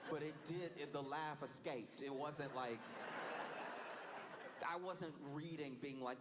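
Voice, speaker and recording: Male streamer, mid-pitched, casual and animated, laughs often, acts out quotes. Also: measured pace, very noisy. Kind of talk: casual chat on a live stream.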